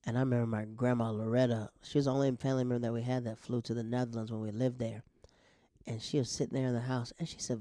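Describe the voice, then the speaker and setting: A man's voice: mid-range voice, level tone, quick pace, dark tone, no room sound. A man with a mid-range voice tells family stories in a loose, casual monologue, chuckling as he goes. The recording is dry and close, with no room sound. He talks like a stand-up comic. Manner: laughs often while telling, acts out family members' voices. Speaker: stand-up comedian, podcast host.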